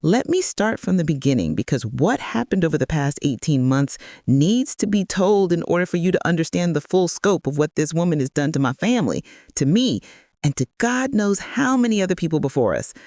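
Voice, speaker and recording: A woman's voice: low-pitched, big pitch swings, a little fast, a little mellow, no echo, studio quality. Earnest woman in her sixties telling a story. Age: 60s. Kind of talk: first-person story narration.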